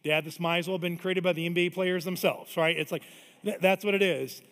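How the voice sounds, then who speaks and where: A middle-aged man preaching with real drive, his voice pitched a little high and pushing hard on key lines. The sound carries a long church-hall reverb. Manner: energetic, emphatic preaching with rising intensity and quick asides. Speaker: pastor. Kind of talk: sermon. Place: church auditorium.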